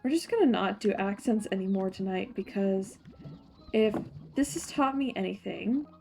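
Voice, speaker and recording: A woman's voice: mid-range voice, animated, moderate pace, vocal fry, a little mellow, faint music behind. A young woman streamer in a put-on Scottish accent, chatting casually and giggling while she plays a game, muttering to herself now and then. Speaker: streamer playing a farming game. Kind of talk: casual gameplay chat.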